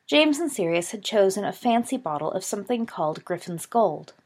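A woman's voice: mid-range voice, very animated, fairly quick, darkish tone. A woman reading a fan fiction story aloud as narrator.

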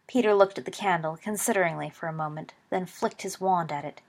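A woman narrating a story in a steady, even reading voice. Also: lowish voice, a little fast.

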